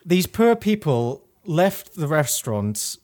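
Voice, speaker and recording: A man chatting casually as a podcast co-host, telling a wry, animated story about an old job. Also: on the high side, slow pace. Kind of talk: casual chat.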